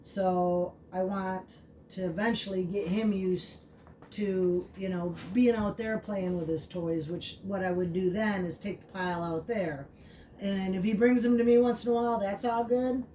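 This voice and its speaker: A woman explaining puppy training in a casual, chatty way, full of fillers, switching to high baby talk for the dog. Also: fairly even intonation, unhurried, warm tone. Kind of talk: casual vlog narration. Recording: distant mic with clear background noise.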